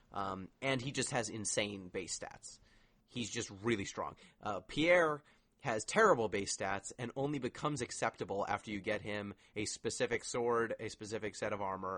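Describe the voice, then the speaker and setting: A man's voice: on the low side, a bit bright, dry recording. A man co-hosting a casual podcast chat, explaining things at length with lots of filler words. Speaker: podcast co-host.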